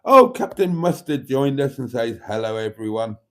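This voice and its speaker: A man's voice: mid-range voice, expressive, normal speed, a bit bright. A man hosting a casual livestream, reading out viewer comments and laughing heartily. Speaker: livestream host.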